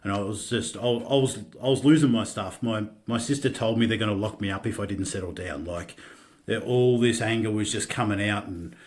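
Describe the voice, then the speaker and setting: A middle-aged man with an Australian accent, a podcast guest telling his own story candidly, halting and restarting often and swearing casually. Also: on the low side.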